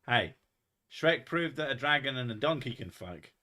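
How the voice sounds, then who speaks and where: A man with an English accent that blends posh and Essex, chatting on a stream. His voice is bright and forward. He jokes and swears freely. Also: medium pitch, expressive, moderate pace. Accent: English, mix of posh and Essex. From England. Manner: sweary and joking. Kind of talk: casual stream chat.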